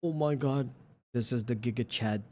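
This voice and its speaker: A man's voice: normal speed, dark tone. A man streaming live, chatting casually and gushing playfully over viewer pictures. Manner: gushing and playful, jumps into squeaky high exclamations.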